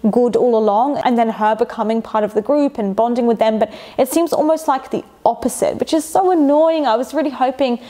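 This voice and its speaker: A woman's voice: on the high side, a little fast, few pauses, dark tone. A woman talking through a casual commentary vlog in a chatty, opinionated way, asking rhetorical questions as she goes. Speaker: YouTube commentator.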